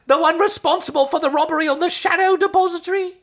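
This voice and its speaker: A man voicing three mouthless aliens in a shrill, squeaky old-lady voice, reading a story aloud. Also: fast talker, fairly bright tone. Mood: accusing.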